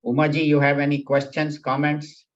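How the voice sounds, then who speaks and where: A man's voice: fairly high pitch, completely flat delivery, normal speed, muffled recording. A man teaching a scripture class at a spiritual center, explaining patiently and repeating key points. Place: class at a spiritual center, also on video call.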